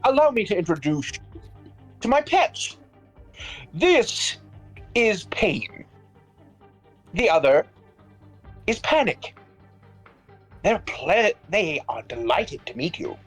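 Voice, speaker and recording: A woman's voice: medium pitch, big pitch swings, takes it slowly, pauses often, breathy edge, exaggerated voice, low-quality recording. A woman voicing a gloating male villain who proudly shows off his monster pets in a grandly polite, theatrical manner, with faint music behind.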